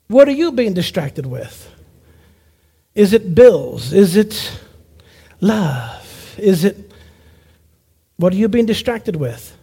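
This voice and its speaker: Brief: man with a very high voice, preacher giving a lively testimony, acts out the voices in his story. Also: slightly rough. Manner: animated storyteller who acts out quoted voices. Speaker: preacher and evangelist. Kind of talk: personal testimony sermon.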